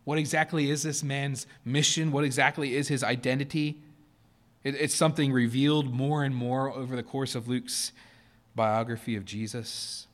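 A male pastor preaching from the pulpit in a church sanctuary. His voice sits at an ordinary middle pitch. He talks earnestly, leaning hard into key phrases and then easing off into quieter, gentler passages. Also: level tone, moderate pace. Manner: earnest, rising to emphatic stresses then dropping soft. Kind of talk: sermon.

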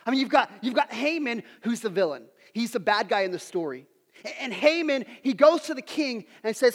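A man's voice: very high-pitched, animated, brisk, in a large hall. A man in his thirties preaching a sermon, telling self-deprecating stories and putting questions to his audience. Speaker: pastor.

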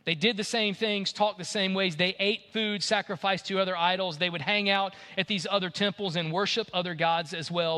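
A high-voiced man delivers a sermon with a bright, forceful tone. He preaches with lively energy and acts out the voices of the people he quotes. His words ring out with a long reverb in a big hall. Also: brisk, few pauses. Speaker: pastor.

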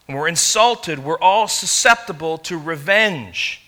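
A man from England, preaching a sermon in an animated, conversational storytelling way. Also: a little high, unhurried. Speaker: pastor.

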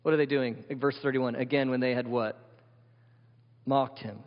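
Emphatic pastor preaching in a reverberant hall. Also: male voice, mid-range voice, steady tone, moderate pace. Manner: emphatic, asks the congregation many questions. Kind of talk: sermon. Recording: dull sound with long hall reverb.

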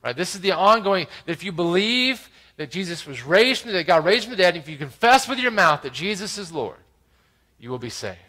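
A man preaching a sermon, explaining scripture verse by verse with frequent "right?" asides, swinging between loud emphasis and quiet asides. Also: high voice, sing-song, a little fast, poor audio. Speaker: pastor.

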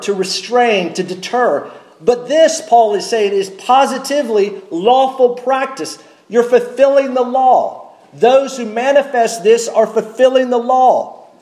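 A man preaching a sermon from the pulpit, measured and emphatic, slowing down to stress key words. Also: very high voice, a little mellow, reverberant, rough recording. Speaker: pastor. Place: church sanctuary.

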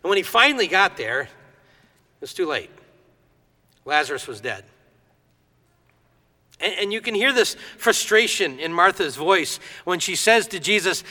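A man preaching a sermon in a lively storytelling way, acting out the voices in his story. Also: fairly high pitch, unhurried, long pauses, in a large hall. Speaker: pastor.

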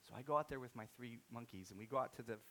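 A pastor in his thirties tells a story during a sermon, swinging from soft-spoken moments to loud, excited outbursts. He speaks very fast in a mid-range voice.

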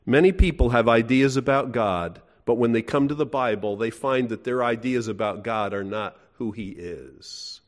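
A man's voice: medium pitch, normal speed, hardly any pauses. A middle-aged man preaching a sermon in a folksy, emphatic way, asking his listeners questions. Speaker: pastor.

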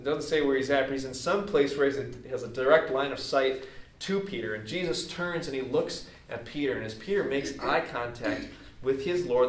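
A pastor preaching a sermon in a conversational, explaining way, with casual asides to the congregation. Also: male voice, mid-range voice. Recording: echoey hall, distant mic.

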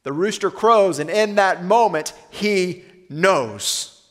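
High-voiced pastor preaching in a hall. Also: male voice, expressive. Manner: earnest, slows and softens for weighty lines. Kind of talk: sermon.

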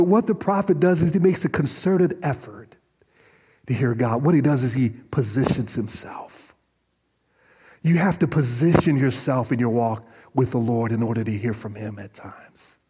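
Husky-voiced man preaching in a reverberant hall. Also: mid-range voice. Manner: animated storytelling with frequent restarts. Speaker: pastor. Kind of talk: sermon. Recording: long reverb of a large hall.

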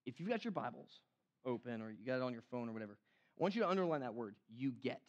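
A man preaching a sermon in an animated, conversational way, acting out the quotes he cites. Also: mid-range voice, fast talker, highs cut off. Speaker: pastor.

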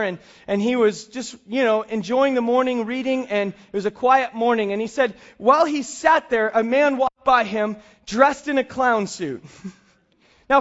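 A male pastor preaching a sermon and telling a story with lively acted-out dialogue. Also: extremely high pitch, dull audio. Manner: animated storyteller, acts out dialogue.

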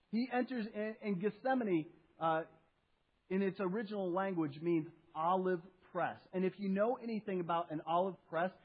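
A man preaching a sermon as pastor, animated and acting out what people say, often repeating his phrases. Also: sits high, phone-quality sound. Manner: animated, acts out quoted speech, repeats phrases.

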